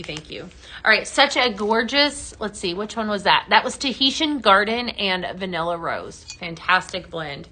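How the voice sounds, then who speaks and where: Bright-voiced woman hosting a live product show. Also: medium pitch. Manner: chatty, reads and answers viewer comments, many fillers. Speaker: live-stream product host. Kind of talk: casual live-selling chat.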